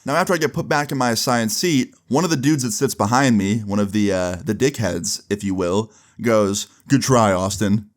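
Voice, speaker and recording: A young man casually telling a story, with a relaxed, loose delivery full of fillers and some swearing. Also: lowish voice, normal speed, few pauses. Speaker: storyteller vlogger.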